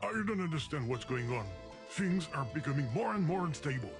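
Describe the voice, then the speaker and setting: Jumpy game program w/ a funny accent, high voice, begging and fussing. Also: male voice, lively intonation, fairly quick. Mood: fretful. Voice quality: odd foreign-sounding accent. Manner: fretful, pleading. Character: anxious game program, fussy and pleading. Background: game music.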